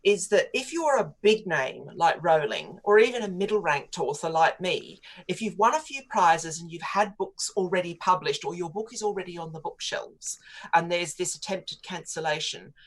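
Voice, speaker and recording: A woman's voice: lowish voice, animated, normal speed. Aussie woman pundit on talk radio, opinionated, talks in long flowing points. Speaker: political commentator. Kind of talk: studio interview on talk radio.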